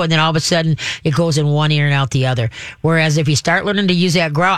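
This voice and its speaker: A man hosting a call-in radio show as a dog trainer, animated and acting out little voices for dogs and owners. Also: fast, dry recording, clean studio sound. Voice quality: says he has a deep voice. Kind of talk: call-in advice talk.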